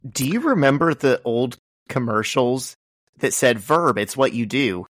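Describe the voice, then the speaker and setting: A man's voice: medium pitch, animated, measured pace, a bit bright, dry recording, studio quality. A man co-hosting a podcast in casual chat, making wry jokes and explaining comic history. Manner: wry, joking asides and background explanations. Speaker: podcast co-host.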